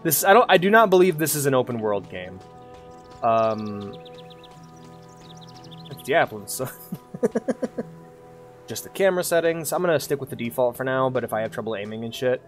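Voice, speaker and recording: A man's voice: medium pitch, lively intonation, moderate pace, long pauses, faint music behind. A man streaming a video game, chatting casually, joking and laughing at himself often. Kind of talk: casual gameplay commentary.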